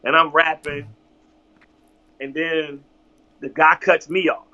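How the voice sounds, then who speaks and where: A man's voice: on the high side, slow pace, dull audio. A man from Virginia, a guest telling a story casually and with animation, swearing freely. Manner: animated, profane, acts out others' lines.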